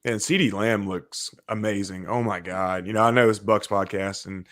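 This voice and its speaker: A man's voice: lowish voice, fairly even intonation, normal speed, fairly bright tone, dry recording. Laid-back talkative man, dry close mic. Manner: talkative, laughs easily. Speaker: podcast co-host. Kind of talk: casual sports podcast chat.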